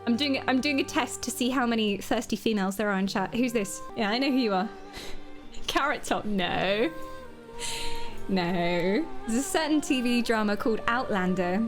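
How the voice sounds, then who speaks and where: A woman's voice: a little high, lively intonation, normal speed, music in the background. A woman streaming a game, chatting in a playful, flirty, self-mocking way. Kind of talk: casual live-stream commentary.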